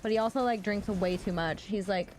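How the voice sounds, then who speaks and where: A woman streamer talks to her chat while she plays, rambling through filler words and tossing out casual swears. Her voice sits at an ordinary middle pitch, and a faint hiss runs underneath. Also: fairly quick, darkish tone. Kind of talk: casual gaming livestream chat.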